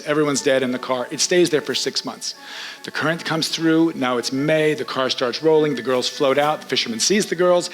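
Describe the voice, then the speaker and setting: A man telling a true story on a theater stage, in an animated, conversational way. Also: fairly high pitch, a little fast, faint music behind, poor audio. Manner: animated, conversational, quotes people in his story. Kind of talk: first-person stage storytelling.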